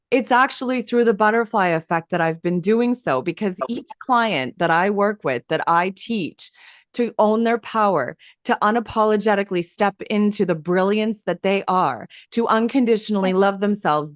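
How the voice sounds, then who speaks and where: A woman guest telling her story in an interview, lively and emphatic, acting out quoted dialogue as she goes. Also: mid-range voice, dry recording, studio quality. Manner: animated, acts out quoted dialogue; emphatic and enthusiastic. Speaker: hypnosis coach and guest.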